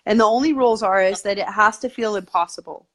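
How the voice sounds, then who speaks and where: A talkative woman being casually interviewed speaks eagerly and at length, leaning heavily on "like" and "you know." Her voice is medium in pitch and fast.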